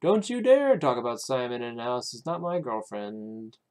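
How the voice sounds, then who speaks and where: A man reading out the lines of a young male detective hero who answers the villain with defiant, quick retorts. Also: medium pitch, very animated, darkish tone.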